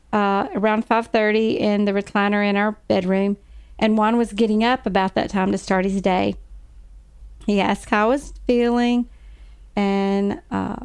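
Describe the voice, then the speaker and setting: A woman in her forties telling the story of a birth in a calm, measured, reflective way. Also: medium pitch, smooth. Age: 40s. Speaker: co-host telling her testimony. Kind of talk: casual storytelling.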